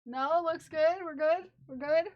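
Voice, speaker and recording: A woman with an extremely high-pitched voice speaks at an unhurried pace. She's streaming live, chatting casually with viewers as she works on a crafting project, laughing and talking to herself. The stream audio is lo-fi and slightly dull.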